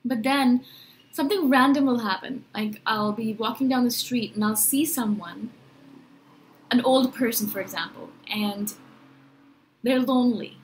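A woman with a slightly high voice, vlogging in a loose, rambling way. She talks straight to her viewers, animated and full of "like" as she questions herself. Her sentences often trail off and restart. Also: a little slow, a little hiss or hum. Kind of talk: casual talking-head monologue.

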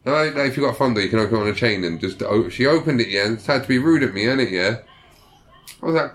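A man's voice: mid-range voice, racing, slight background noise. A young man telling prison stories in casual slang, swearing and acting out the people he quotes. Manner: profane, animated, acts out quoted voices. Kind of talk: casual storytelling.

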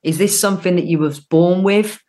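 A Birmingham woman hosts an interview podcast, her mellow, lowish voice moving fairly quickly. She gushes and speaks emphatically, often restarting her sentences in this effusive chat.

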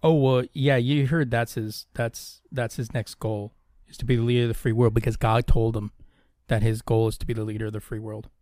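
A man's voice: medium pitch, little pitch movement, brisk, a little mellow, no room sound, studio quality. A man co-hosting a casual podcast, laid-back, chuckling often and swearing casually. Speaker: podcast co-host.

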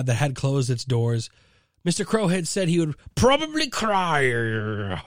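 Snarky guy reading the news and riffing, kinda high voice, dry close mic. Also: no room sound. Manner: rambling and sarcastic, swears, many fillers and restarts. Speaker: podcast host reading news. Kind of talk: casual comedic news commentary.

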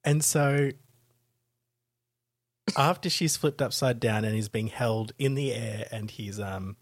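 A man's voice: medium pitch, takes it slowly, dry recording, clean studio sound. A man co-hosting a casual comedic book talk, reading excerpts aloud with laughing asides. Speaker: podcast co-host.

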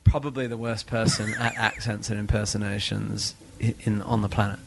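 A man's voice: lowish voice, flat delivery, moderate pace, vocal fry, background noise. A man, a podcast guest, talking casually and animatedly with many restarts and fillers.

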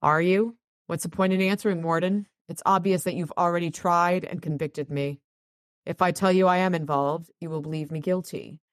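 A guarded, bitter woman who answers with cool, measured contempt, as a woman reading puts her on. The voice sits low and the recording is dry. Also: steady tone, no echo, natural voice. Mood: cold. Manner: cold, measured and clipped.

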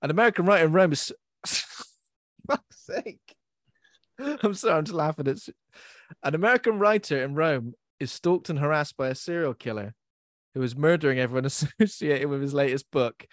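A man's voice: fairly high pitch, no echo, clean studio sound. A man hosting a podcast in a casual chat, giggling and mocking himself as he stumbles over his words. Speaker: podcast host.

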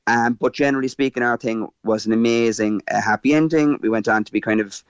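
A man in his fifties with a Cork Irish accent, telling a personal story in a radio interview, halting with fillers and restarts. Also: medium pitch, clean tone, dull audio. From Ireland. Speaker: guest.

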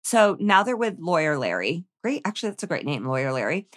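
A woman's voice: low-pitched, very animated, fairly quick. A woman co-hosting a casual TV recap chat. She is chatty and quotes her own reactions with dry jokes. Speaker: podcast co-host.

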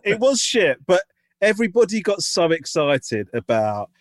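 A male host asks a guest questions in a lively voice that sits a little high and moves around a lot. His questions ramble and restart as he works toward his point. The sound is dry and close. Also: normal speed, no room sound. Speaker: podcast host, interviewer. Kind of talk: casual interview questions.

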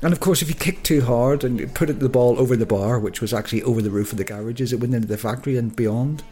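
A man's voice: mid-range voice, fast talker, mellow. A man in his sixties from Northern Ireland, co-hosting a podcast in casual chat, rambling with many restarts and chuckles. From Northern Ireland, outside Belfast. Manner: rambling, self-interrupting, chuckling. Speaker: podcast co-host.

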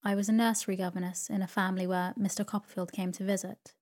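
A woman's voice: medium pitch, flat delivery, fast talker, a little mellow, close to an everyday voice. Woman voicing a frail, helpless young mother in a storybook, faltering and meek, close to her own reading voice. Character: timid, fragile young widowed mother.

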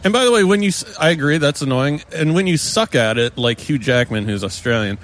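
A man's voice: fairly high pitch, expressive, a little fast, a bit bright. A man in casual conversation, dry and skeptical, pushing back on his co-host. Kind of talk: casual podcast banter.

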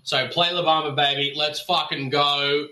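A man's voice: fairly high pitch, steady tone, normal speed, sharp tone. An Australian man leaving a casual voicemail, swearing freely and ranting with mock anger. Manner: profane, blustering, mock-angry. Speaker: voicemail caller.

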